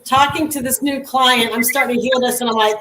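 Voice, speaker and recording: A woman's voice: on the high side, steady tone, a little fast, a bit bright, a little hiss or hum. A woman who is a guest paranormal investigator, telling stories casually and laughing along the way. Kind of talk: casual storytelling. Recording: roomy and distant from mic.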